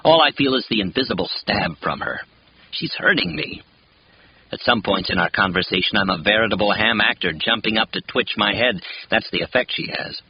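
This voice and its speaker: A man with a somewhat low voice reads a first-person novel, measured and expressive. The audiobook sounds muffled and lo-fi, with a faint hiss behind it. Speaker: audiobook narrator.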